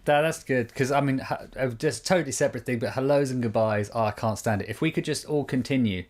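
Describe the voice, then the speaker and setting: Easygoing man co-hosting, mid-pitched. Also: fast, darkish tone. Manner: easygoing, agreeable, thinks aloud. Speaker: podcast co-host. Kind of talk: casual chat.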